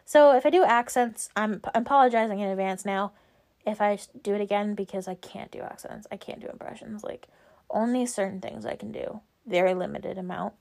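A woman's voice: mid-range voice, brisk, gravelly, a little mellow. A young woman hosting a casual solo podcast, rambling with lots of "like" and "um" fillers. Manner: rambling, filler-heavy, frequent "like" and "um". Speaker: podcast host.

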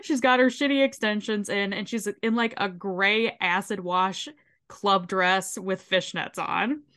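A woman's voice: medium pitch, a little slow. Casting note: young adult woman, podcast co-host, loose profane recap, laughs as she goes. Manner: swearing, laughing, animated retelling. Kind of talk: casual episode recap.

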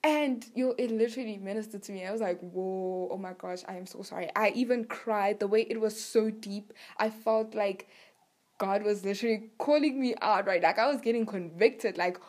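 Young woman, faith vlogger, casual testimony, chatty and animated, lots of fillers, mid-pitched voice. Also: normal speed.

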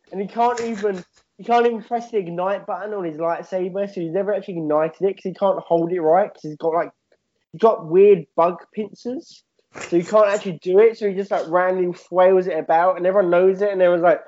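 A man's voice: sits high, steady tone, a little fast, darkish tone. A young man in rambling, comic chat that is full of "like". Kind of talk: casual comedic podcast chat. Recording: dull lo-fi audio.

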